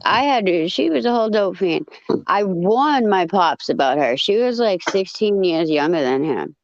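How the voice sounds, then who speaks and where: A woman's voice: fairly low pitch, normal speed, no echo. Profane woman telling a story, lo-fi. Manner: blunt and profane, animated retelling. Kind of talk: casual storytelling.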